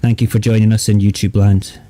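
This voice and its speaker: A man's voice: on the low side, flat delivery, brisk, a crowd in the background. A Scottish man hosting a late-night live chat stream, rambling and jokey, often trailing off and restarting.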